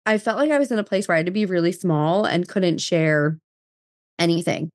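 A woman's voice: on the low side, animated, a little fast, dry recording, clean studio sound. A woman in her thirties from New Jersey, a podcast guest telling her story in casual chat full of fillers and quoted dialogue.

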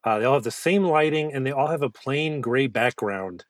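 A man co-hosting a podcast, riffing on a film in animated, jokey chat with a bit of swearing. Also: mid-range voice, normal speed, no echo, studio quality. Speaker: podcast co-host. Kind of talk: casual movie-review chat.

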